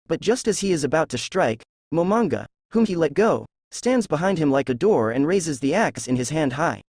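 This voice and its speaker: A man narrating a fan novel aloud in a steady reading voice. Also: a little high, normal speed, husky, no echo, studio quality. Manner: steady reading, reads characters' lines in the same voice.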